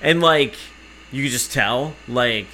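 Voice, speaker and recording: In casual conversation, a man relays a ranting anecdote laced with profanity and sarcasm. He talks slowly in a mid-range voice with a bright, forceful tone, against slight background noise.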